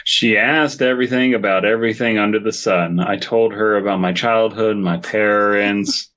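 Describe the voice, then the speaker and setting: A man with a fairly low voice reads from a horror story and drifts into rambling, crude asides, tripping over his words. His mic sounds muffled and lo-fi. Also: fairly even intonation, moderate pace, a bit bright. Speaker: podcast co-host reading a story aloud. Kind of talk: comedic podcast banter and story reading.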